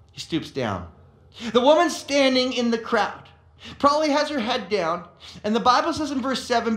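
A man preaching a sermon as a pastor, telling stories in an animated way and often repeating words as he goes. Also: high-pitched, roomy sound.

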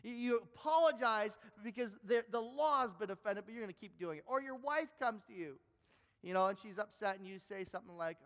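A man's voice: high-pitched, lively intonation, fairly quick, a bit bright, long reverb tail. A man preaching a sermon, earnest and repeating words as he builds each point.

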